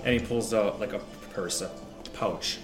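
A man's voice: on the low side, moderate pace. Male game master, chatty and rambling, room echo with background music. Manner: rambling, animated, frequent restarts. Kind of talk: narrating a tabletop game. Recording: roomy echo with music behind.

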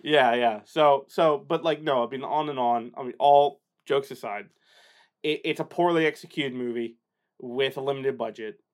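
A man's voice: medium pitch, normal speed. A man from the northeastern United States, co-hosting a film podcast in joking casual chat, laughing often. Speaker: podcast co-host.

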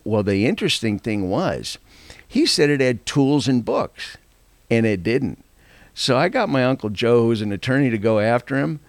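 An older man tells a rambling story, laughing as he goes. His voice is gravelly and he acts out each person he quotes. The sound is dry and close, with no room echo. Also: medium pitch. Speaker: guest telling a story. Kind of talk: casual storytelling.

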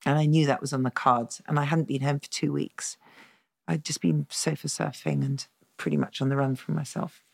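Gravelly woman telling a blunt story. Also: low voice, moderate pace. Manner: lively and blunt, acts out quoted dialogue, swears freely, laughs often. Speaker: therapist, interview guest. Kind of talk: candid storytelling in a conversational interview.

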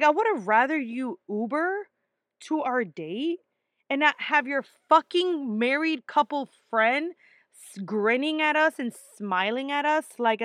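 A young woman telling a personal story in a casual, animated way, emphatic and full of swearing. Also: high-pitched, no echo, studio quality.

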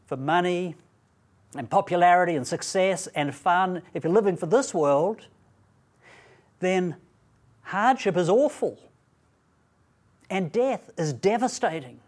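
In a high, animated voice, a man leads a Bible talk for students at a training event, speaking with deliberate emphasis and asking rhetorical questions.

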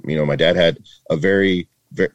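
Low-voiced retired man telling stories. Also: fairly even intonation, brisk, no echo, dull audio. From Northern California. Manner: chatty, heavy with "like" and "man", acts out quoted voices. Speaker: podcast guest, retired border agent. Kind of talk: casual interview storytelling.

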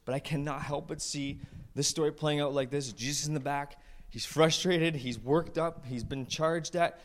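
A male pastor preaching to his church, retelling a story with playful asides and quick voices for the characters. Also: on the high side, steady tone. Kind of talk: lively storytelling sermon.

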